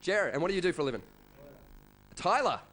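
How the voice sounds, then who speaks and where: A man with an Australian accent doing an energetic stand-up routine, working the crowd and shouting impressions. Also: sits high, fast talker. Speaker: stand-up comedian. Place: comedy club stage. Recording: live comedy club with crowd and noise.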